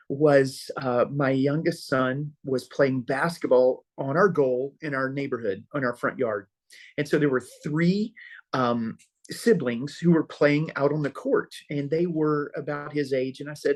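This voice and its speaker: A middle-aged man, a pastor guest on a podcast, telling stories casually and acting out quoted dialogue with many filler pauses. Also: fairly high pitch, darkish tone. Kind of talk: casual storytelling conversation.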